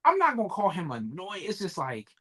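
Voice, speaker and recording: A man's voice: high voice, huge pitch swings, fairly quick, crowd noise. A man with a Washington DC area accent chatting on a podcast, blunt and profane, often mimicking people in his stories. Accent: DMV (Washington DC area). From DC metro area. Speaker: podcast co-host. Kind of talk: casual chat.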